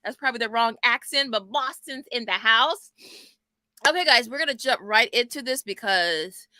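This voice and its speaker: A middle-aged woman from Texas hosting a homeschool book club livestream from her small home office, lively and chatty, greeting viewers by name. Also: on the high side, normal speed, no room sound. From Texas, US South. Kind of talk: casual livestream book chat. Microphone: desk mic.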